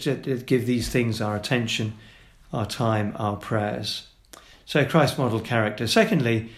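A man preaching a sermon as pastor, earnest, with frequent fillers and restarts as he works through numbered points. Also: medium pitch. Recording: roomy church hall sound.

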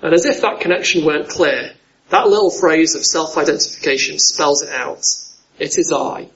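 A man preaches in a relaxed, conversational way, often turning to his listeners with questions. His voice sits a little high for a man. The recording sounds dull and lo-fi. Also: brisk. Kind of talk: sermon.

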